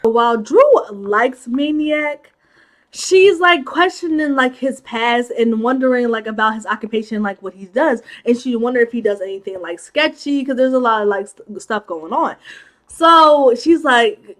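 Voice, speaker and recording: A woman with a high voice gives a casual movie recap. She chats in an animated way and pads her sentences with "like". She laughs a lot as she goes. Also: normal speed. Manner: animated, chatty, laughs often, acts out characters' lines; many filler "like"s. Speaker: movie commentary host.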